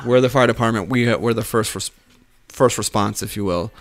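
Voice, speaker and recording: A man's voice: fairly low pitch, fairly quick. A man, a paramedic co-hosting a podcast, telling work stories in casual chat, swearing often, laughing and acting out what people said. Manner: profane, laughing, acts out quotes.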